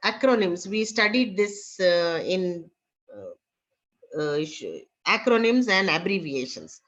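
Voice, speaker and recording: A woman teaching an online class with an Indian English accent, talking haltingly with many fillers. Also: medium pitch, fairly bright tone. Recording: dull lo-fi online class audio.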